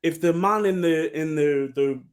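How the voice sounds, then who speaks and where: A man's voice: fairly high pitch, unhurried. Blunt, swearing football pundit man. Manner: blunt, swears freely, heated. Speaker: podcast co-host. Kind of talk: casual football chat.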